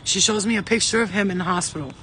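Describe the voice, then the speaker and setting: A man channeling spirit messages in a casual, rambling vlog monologue, profane and excitable, jumping between stories. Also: high voice, slight background noise, rough recording. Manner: profane, rambling, excitable, talks in quick digressions.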